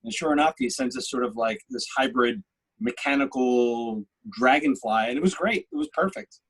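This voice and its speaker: A man's voice: medium pitch, moderate pace, a bit bright, husky, poor audio. A man, a festival co-founder, telling stories about himself in a casual, easygoing, self-deprecating way. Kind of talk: casual anecdotal storytelling.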